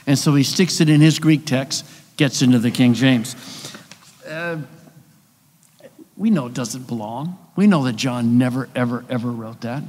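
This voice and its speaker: Man, conference lecturer, conversational, rhetorical questions, mid pitch, long hall reverb. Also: normal speed, long pauses, darkish tone. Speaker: conference speaker on biblical texts. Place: church hall.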